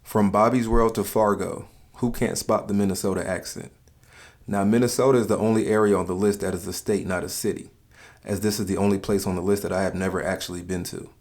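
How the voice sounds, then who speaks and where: A man from the States, giving calm, measured scripted narration for a countdown video. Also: sits low. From Southern United States.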